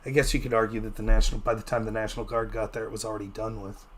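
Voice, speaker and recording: A man speaking as a guest political commentator in a casual interview, animated, with sharp upward jumps in pitch when he greets people. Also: racing, husky.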